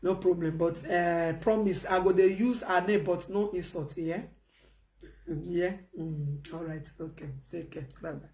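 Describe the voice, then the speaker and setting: This live stream host is a woman with a lowish voice who talks at a measured pace in a Nigerian Pidgin English accent. The stream is casual: she's animated and laughing, with quiet phone conversation punctuated by loud outbursts.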